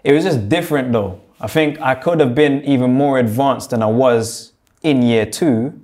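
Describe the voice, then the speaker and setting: A man's voice: mid-range voice, normal speed, a little mellow. Young male guest, Jamaican-London accent, loose slang-heavy storyteller, mid-range voice. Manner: laid-back street slang, lots of "you get me". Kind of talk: casual interview, storytelling.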